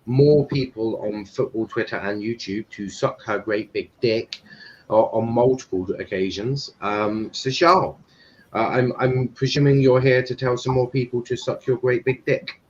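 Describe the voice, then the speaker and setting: A man's voice: mid-range voice, fairly even intonation, normal speed. A man hosting a football watchalong stream, casual, blunt and swearing. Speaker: watchalong host. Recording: dull lo-fi stream mic with faint noise.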